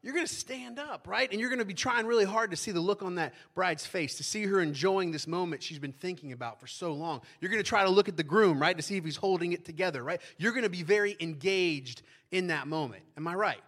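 A man's voice: high-pitched, a little fast, hardly any pauses, a bit bright. Chatty pastor man, preaching live. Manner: conversational, keeps asking "right?". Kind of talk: sermon.

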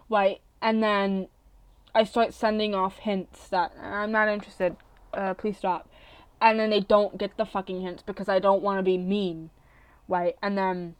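A young woman hosts a casual solo podcast, ranting bluntly and profanely in a rambling way that swings between loud outbursts and low mutters. There's no echo on the recording.

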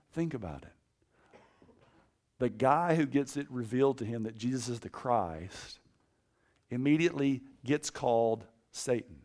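A man preaching a casual sermon to college students, animated and conversational, sometimes dropping to a hushed, intense tone. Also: medium pitch. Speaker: campus preacher.

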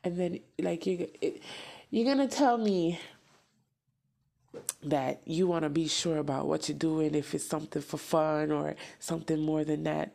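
Gravelly-voiced woman venting bluntly. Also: low-pitched, a little slow, dark tone. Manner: blunt, profane, emphatic repetition. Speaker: podcast host. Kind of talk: casual venting monologue.

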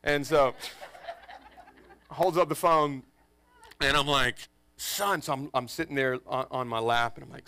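A man in his forties, a pastor telling a funny family story to his congregation in an animated, joking way. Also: medium pitch, measured pace, long pauses. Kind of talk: storytelling sermon. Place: church in front of a congregation.

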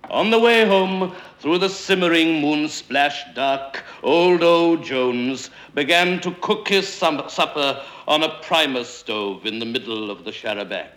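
A man reads a tale slowly and grandly, letting each phrase roll. His voice is bright and forceful, and it rises and falls through a wide, lively range. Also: on the high side. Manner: rolling, sonorous, deliberate delivery. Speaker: narrator. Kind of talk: dramatic storytelling reading.

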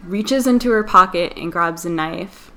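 This podcast co-host is a chatty storyteller who recounts a tale with plenty of "like" and "um" thrown in. She talks at a normal pace in a fairly low voice that sounds bright and forceful.

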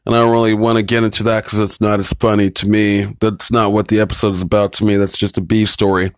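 A man's voice: on the low side, clean tone, no room sound, low-quality recording. A man casually reviewing TV episodes, retelling scenes in a blunt, profane, rambling way.

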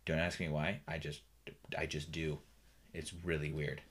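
A man's voice: a bass voice, flat delivery, moderate pace, a bit bright. A man co-hosting a podcast in casual chat, playful and teasing, laughing often. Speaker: podcast co-host.

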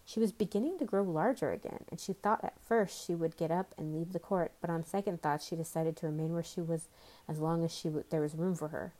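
A woman reads a classic children's storybook aloud, pausing now and then for a casual aside to her listeners. Her voice is mellow and on the low side. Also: steady tone, poor audio. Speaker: storybook reader. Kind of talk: reading a children's novel aloud.

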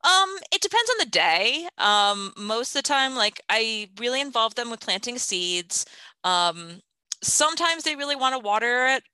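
A woman in her thirties chatting casually in an interview, laughing often and filling pauses with ums. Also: on the high side, sing-song, pushed and bright, smooth, dry recording, poor audio. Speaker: interviewee, gardening parent.

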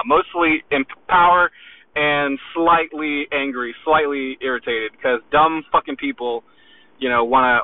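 An agitated man rants aggressively, swearing in nearly every breath as he pushes his fitness equipment. His voice sits slightly high. The audio is thin and boxy, like it came over a phone line. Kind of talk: profane motivational rant.

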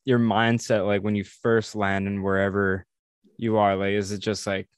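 Low-voiced laid-back podcast host. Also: male voice, level tone, normal speed, clean tone, dry recording, clean studio sound. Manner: laid-back, frequent agreeing interjections. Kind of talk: casual chat.

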